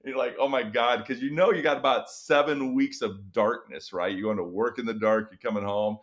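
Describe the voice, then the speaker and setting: A middle-aged man, an experienced educator, talking in a podcast interview and acting out tired teachers with big vocal swings. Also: brisk. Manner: animated storytelling, acts out weary teachers with big pitch jumps. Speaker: guest educator and author.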